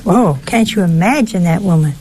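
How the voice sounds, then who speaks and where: A woman giving a conversational sermon in a folksy way, asking her listeners rhetorical questions and jumping up in pitch for emphasis. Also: lively intonation, normal speed, a little mellow, husky. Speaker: preacher.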